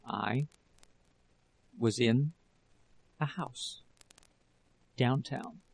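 Ona, a frightened young wife, as a man reads her, whose confession comes out quiet and broken, word by word. The voice stays low and gravelly, barely lifted from the narrator's own, and slow. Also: low-quality recording. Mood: faltering. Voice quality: faltering, soft and broken. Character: ashamed, frightened young working woman. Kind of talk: audiobook character reading.

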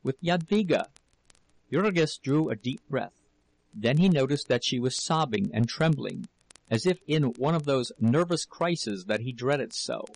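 Gravelly man narrating an audiobook. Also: medium pitch, no echo, poor audio. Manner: measured, steady storytelling.

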